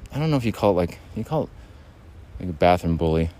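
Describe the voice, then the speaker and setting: Low-voiced rambling man podcasting alone. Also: sing-song, fast talker, pauses often, mellow. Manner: rambling, restarts often, laughs at himself. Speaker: podcast host. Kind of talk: rambling solo podcast monologue.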